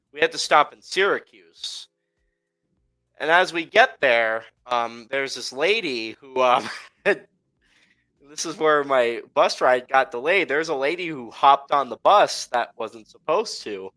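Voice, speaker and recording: A man's voice: medium pitch, animated, measured pace, bright, forceful tone, low-quality recording. A man co-hosting a casual chat, telling a travel story with lots of fillers and laughter. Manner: rambling, filler-heavy, laughs while telling. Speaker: podcast co-host.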